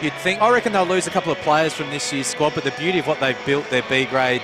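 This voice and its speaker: A man's voice: fairly high pitch, fast talker, few pauses. An Australian man giving chatty, analytical expert commentary on a football match. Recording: loud crowd and music behind.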